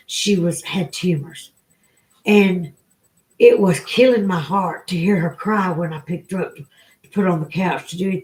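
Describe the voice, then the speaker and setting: A woman's voice: lowish voice, a little mellow. Southern lady chatting on a livestream, heartfelt, talks straight to y'all. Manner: emotional storytelling, tearful at times. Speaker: livestream host. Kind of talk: casual chat to viewers.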